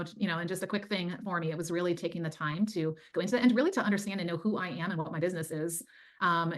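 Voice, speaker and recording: Middle-aged woman guest, coach, earnest, faith-driven, talks at a rapid clip, lower voice. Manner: earnest, fast, faith-filled storytelling. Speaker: guest, time management coach. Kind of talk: casual interview chat.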